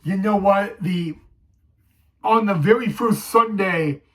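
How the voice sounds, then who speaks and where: A man's voice: high-pitched, takes it slowly, a bit bright, rough recording. A man recapping a game for his fan vlog, emotional and teary, repeatedly calling his viewers "guys.". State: teary, choked up. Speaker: sports fan vlogger.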